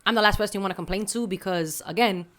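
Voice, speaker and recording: A woman's voice: mid-range voice, fast talker, fairly bright tone. A woman podcast co-host telling a candid story in casual chat, full of slang and Spanish asides.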